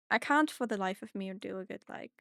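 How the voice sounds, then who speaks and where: A young German woman chats as she plays a streamed game, rambling and self-deprecating, with a German-speaker's English accent that mixes British touches. Her mid-range voice is creaky and fairly bright, captured in studio quality with no room sound.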